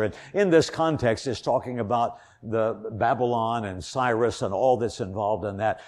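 An older man from Indiana preaching an earnest sermon, telling a personal story and swelling louder on key points. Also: fairly low pitch, normal speed, few pauses.

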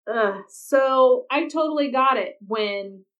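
A woman's voice: high-pitched, slow, a bit bright. A woman hosting a podcast, recapping a TV episode in casual chat with chatty, exasperated asides. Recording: dull, slightly distant lo-fi recording.

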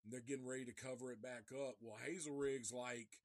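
A man casually reviewing a horror film live, retelling the plot in a profane, animated way. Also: medium pitch, brisk, dry recording, studio quality. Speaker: movie reviewer.

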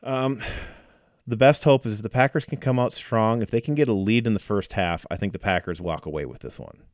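A man's voice: fairly low pitch, a little fast, no echo, studio quality. A man co-hosting a sports podcast, talking football casually with frequent fillers and restarts. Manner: hesitant, many fillers and restarts.

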